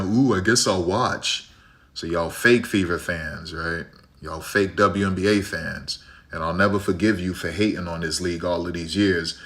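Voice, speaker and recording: A man's voice: sits low, pushed and bright. A man from Chicago streaming a basketball game, ranting bluntly with strong opinions and a habit of tagging "right?". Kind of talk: live game-watch commentary and rant.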